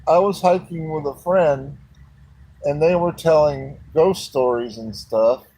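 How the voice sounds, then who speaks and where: A man's voice: on the high side, slow, mellow, slightly rough, exaggerated voice, poor audio. A man voicing a frightened teenage girl hiker who is close to tears and pleads in a panic. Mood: scared.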